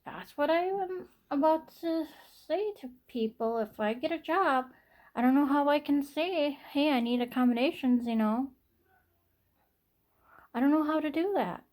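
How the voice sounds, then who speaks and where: A young adult woman talking to camera in a personal vlog, halting and repetitive, with frequent sighs and restarts. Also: high-pitched, a little mellow. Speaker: vlogger.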